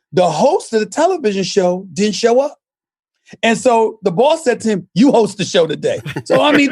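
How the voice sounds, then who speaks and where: A middle-aged man telling a story in lively chat, acting out quotes with shouts and laughs. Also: very high-pitched, no room sound, clean studio sound. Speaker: show guest and co-host.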